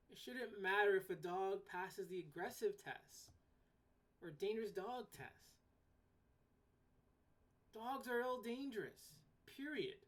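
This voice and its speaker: A woman hosting a solo podcast, ranting bluntly, swearing casually and repeating herself when worked up. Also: mid-range voice. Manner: repeats words and restarts sentences when worked up. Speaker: podcast host.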